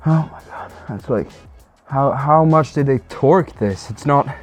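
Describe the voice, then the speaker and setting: A man's voice: medium pitch, unhurried, soft background music. A man talking to himself as he works on his car, muttering, swearing and grunting with effort in casual self-talk. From Sweden. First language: Swedish. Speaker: car-project vlogger.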